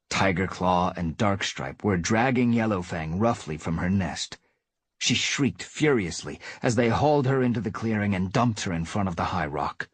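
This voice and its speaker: Guy reading a cat novel live, low husky voice, goes up and down a lot. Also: no room sound. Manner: lively storytelling narration. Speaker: reader.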